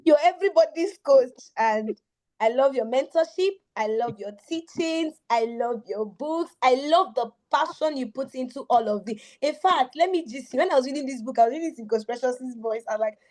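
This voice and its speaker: A woman coach speaks with a mellow, dark-toned voice, pitched a little high. She praises a book effusively and repeats her phrases for emphasis. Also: moderate pace. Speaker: teens coach giving a book review. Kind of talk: enthusiastic spoken book review.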